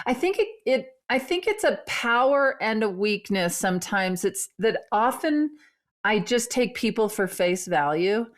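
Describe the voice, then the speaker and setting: A woman's voice: on the high side, very animated, a little slow. A middle-aged woman co-hosting a podcast, telling a rambling, self-mocking anecdote in casual chat and acting out the people in it. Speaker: podcast co-host.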